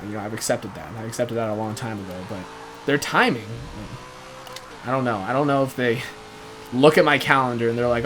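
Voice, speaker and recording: A man's voice: mid-range voice, brisk, fairly bright tone, a little hiss or hum. A young man giving rambling, casual commentary over a racing game he hosts, often laughing between thoughts. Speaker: gaming channel host.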